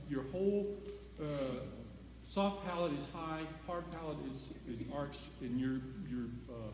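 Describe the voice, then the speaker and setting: A man's voice: mid-range voice, a little mellow, a little hiss or hum. A man leading a choir rehearsal, coaching singers and demonstrating phrases by singing them in a chatty, encouraging way. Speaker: choir director. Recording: echoey hall from far off.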